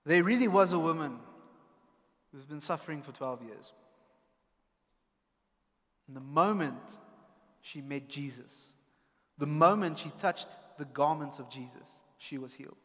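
A man's voice: a little high, unhurried, long pauses, fairly bright tone, long reverb tail. A South African man preaching a sermon as a pastor, speaking in an earnest, personal and candid way. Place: church.

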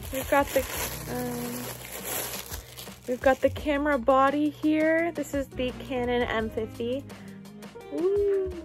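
A young woman unboxing a new camera in a casual vlog, gushing with excited exclamations. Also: high voice, a little slow, music in the background. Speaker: vlogger.

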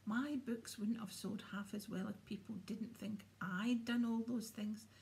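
A woman voicing a vain, smooth-talking male wizard teacher in a storybook reading, pompous and condescending. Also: fairly high pitch, fairly even intonation, measured pace, a little mellow. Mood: smug.

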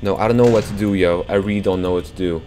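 A young man commentating a horror game for his viewers, jumpy and quick to swear when startled, talking to the audience as he plays. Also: deep voice, steady tone, warm tone, slight background noise. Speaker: gaming YouTuber.

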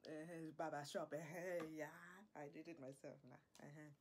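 A doting, fussy African father, as a woman puts him on coaxes and pleads in a whispered role-play, his African English accent sitting low in her range. Steady hiss runs under the close recording. Scissor snips and clicks sound behind him. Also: moderate pace. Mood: coaxing. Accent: African English impression. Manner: coaxing, pleading, fussing over the listener.

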